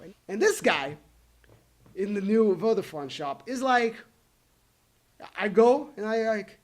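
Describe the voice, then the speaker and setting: A man's voice: high-pitched, a little slow, pauses often. A man telling a rant story to his viewers, acting out the people he quotes. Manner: animated, acts out the people he quotes. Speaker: vlogger.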